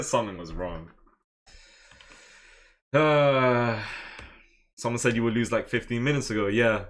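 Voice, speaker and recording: A young man, commentating live on his own online chess game, muttering moves and now and then breaking into exasperated outbursts. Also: lowish voice. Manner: muttering his moves, then bursts into loud frustrated exclamations. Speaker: chess streamer.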